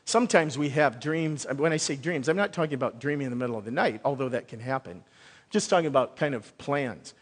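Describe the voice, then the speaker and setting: Conversational pastor preaching in a reverberant hall. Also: male voice, medium pitch, fairly quick. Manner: conversational, animated, thinks out loud with restarts. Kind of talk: sermon. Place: church sanctuary. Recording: long reverb of a large hall.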